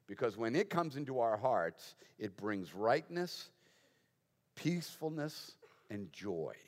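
A man's voice: mid-range voice, long reverb tail. A man preaching a conversational sermon as pastor, asking the congregation rhetorical questions with touches of humor.

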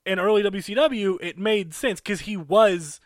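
A man's voice: sits high, a little slow, no room sound, studio quality. A man co-hosting a podcast in casual chat, laughing often and bantering playfully. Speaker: podcast co-host.

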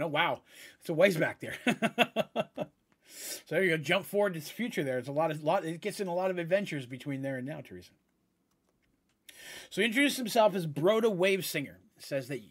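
Husky-voiced male game master narrating. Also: medium pitch, big pitch swings, moderate pace, fairly bright tone. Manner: casual, meandering, with fillers and asides. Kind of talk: storytelling narration of a tabletop game.

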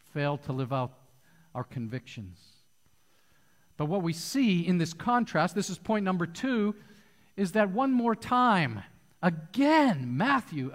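A man with a fairly high voice preaches in an animated storytelling manner. His words ring out with a long hall reverb, as if recorded in a church sanctuary. He is a pastor addressing his congregation. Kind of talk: sermon.

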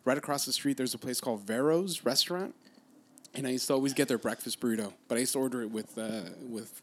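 A man's voice: medium pitch, quick pace. A man talking as a podcast guest, rambling through stories with restarts and laughs. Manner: rambling storyteller, many restarts and fillers, laughs often. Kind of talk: casual chat.

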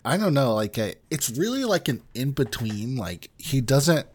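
A man's voice: mid-range voice, big pitch swings, normal speed, darkish tone, breathy edge. A man from the States, chatting casually and animatedly about a film and swearing freely. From southern United States. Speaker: podcast co-host.

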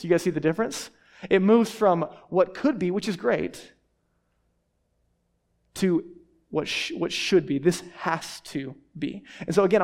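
Brief: male pastor in his thirties from Texas, fast, animated preacher with a slightly raised pitch. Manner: fast talking, animated storytelling. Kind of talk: sermon.

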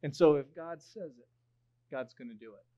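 A young man preaching a sermon, telling a story in an animated way and swelling loud on key phrases. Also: on the high side, normal speed, dull audio. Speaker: pastor.

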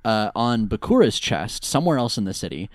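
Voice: mid-range voice, sing-song, fairly quick, no echo, studio quality. A podcast co-host giving wry, joking commentary while recapping an episode. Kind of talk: casual recap chat.

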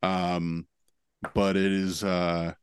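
A man co-hosting a podcast in casual chat, with a dry, measured and wry way of talking. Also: deep voice, flat delivery, clear, resonant tone. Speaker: podcast co-host.

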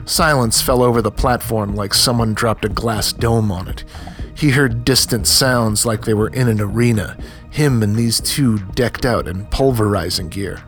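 A man narrating a gritty audiobook story in an even, measured way. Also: lowish voice, faint music behind.

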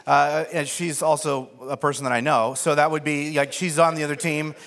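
A man preaching a sermon as pastor, telling an animated, self-mocking story and acting out the voices of the people in it. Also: a little high, normal speed.

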